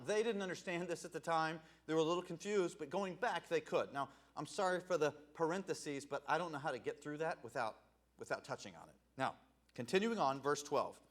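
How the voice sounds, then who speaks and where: Lively high-voiced man preaching a sermon. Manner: conversational, asks "right?" often, laughs at himself. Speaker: evangelist preacher.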